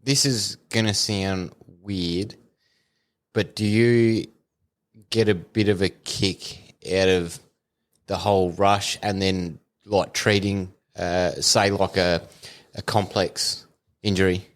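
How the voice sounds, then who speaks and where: Low-voiced podcast co-host asking questions. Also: male voice, fairly even intonation, slow pace. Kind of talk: casual podcast chat.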